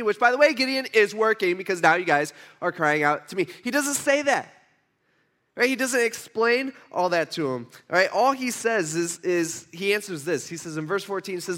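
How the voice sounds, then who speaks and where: A male pastor retells a scripture story in a casual, animated sermon, with many restarts as he talks. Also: high-pitched, normal speed. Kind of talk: conversational sermon.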